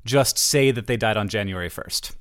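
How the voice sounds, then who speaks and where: Halting, chuckling man co-hosting a podcast. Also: on the low side, a bit bright, smooth. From Florida. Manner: halting, many restarts, quick chuckles. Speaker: podcast co-host. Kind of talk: casual podcast chat.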